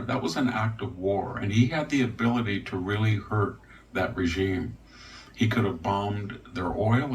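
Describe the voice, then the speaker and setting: An older man giving rambling, wry political commentary with a gravelly voice, now and then mocking others in their voices. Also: on the low side. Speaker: guest commentator. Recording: distant mic with faint noise.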